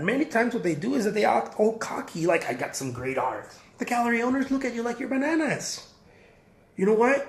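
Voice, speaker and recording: Emphatic man in an echoey room. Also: on the high side. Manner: emphatic, repeats points, addresses viewers as guys. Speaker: artist giving career advice. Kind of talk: casual vlog talk to camera. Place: home, near a backyard.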